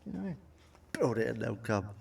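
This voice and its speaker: A middle-aged man doing a crude stand-up comedy routine, swearing freely and landing deadpan punchlines. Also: medium pitch, moderate pace, creaky, husky, distant mic.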